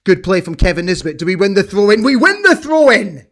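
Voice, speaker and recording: A man's voice: high voice, fairly quick. A middle-aged man hosting a football watch-along, commentating live and cheering on his team. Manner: excitable, shouts and cheers at big moments. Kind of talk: live match commentary and chat.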